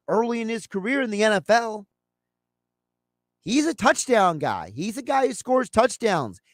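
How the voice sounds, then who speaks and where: A man's voice: high-pitched, no echo, clean studio sound. A man hosting a sports talk show, giving his take in a loose, conversational way and acting out imagined phone calls.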